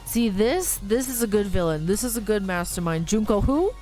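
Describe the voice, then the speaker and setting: A woman's voice: medium pitch, lively intonation, normal speed, mellow, soft background music, poor audio. A woman hosting a let's play, reacting emotionally to the story and reading game lines aloud. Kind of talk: gameplay commentary and reading dialogue aloud.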